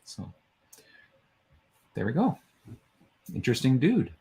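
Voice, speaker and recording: A man's voice: mid-range voice, huge pitch swings, slow, mellow, husky. A man co-hosting a casual online show, chatting in a rambling way as he reads out entries and trips over names. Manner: chatty, stumbles over names while reading. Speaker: co-host. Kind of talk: casual chat.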